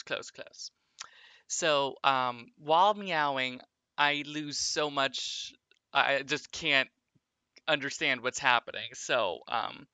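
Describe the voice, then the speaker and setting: A male streamer chatting loosely with his viewers over a basketball sim, padding his talk with ums and uhs. He speaks slowly with a bright, sharp-edged tone. The sound is dry and close. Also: medium pitch, smooth, dry recording. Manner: rambling, filler-heavy, chatting with viewers.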